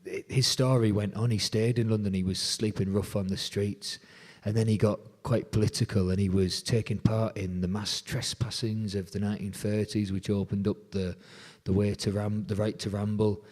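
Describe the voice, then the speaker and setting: A folk musician being interviewed, retelling a story with lively quoted dialogue. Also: male voice, on the low side, normal speed.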